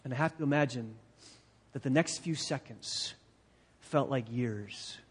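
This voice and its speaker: Emphatic preacher in a reverberant hall. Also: male voice, mid-range voice, unhurried, breathy edge. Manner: emphatic, repeats phrases for stress. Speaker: pastor. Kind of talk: expository sermon. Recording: long reverb of a large hall.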